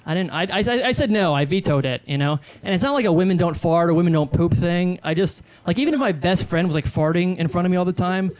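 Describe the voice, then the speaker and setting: A man's voice: high-pitched, animated, quick pace, few pauses, a little mellow. Self-deprecating rambling stand-up comic man. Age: 30s. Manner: rambling, self-deprecating storytelling with many fillers. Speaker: comedian. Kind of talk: stand-up comedy.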